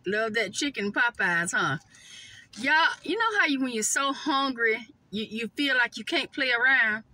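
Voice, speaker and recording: High bright-voiced woman chatting. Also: animated, a little slow, no echo, rough recording. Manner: chatty, addresses viewers as y'all and honey. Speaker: vlogger. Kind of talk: casual mukbang vlog chat. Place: parked car.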